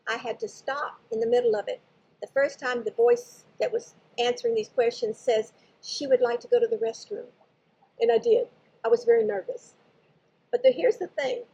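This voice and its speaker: Husky-voiced older woman telling a story. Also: fairly high pitch, a little mellow, highs cut off. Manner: rambling, digressive, self-correcting. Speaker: spiritual channel host. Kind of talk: casual personal storytelling.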